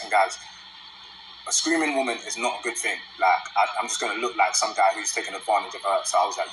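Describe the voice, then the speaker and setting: A man's voice: on the low side, fast, over music, low-quality recording. A young man rambling casually through a personal story, often calling his listeners guys. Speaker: storyteller in a played clip.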